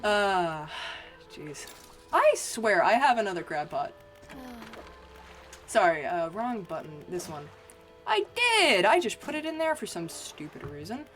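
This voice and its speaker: Faint music sits behind this American woman as she offers casual gameplay commentary on her stream, talkative and self-deprecating, cursing freely and laughing often. Her fairly low voice swings widely in pitch, a little slow and broken by many pauses.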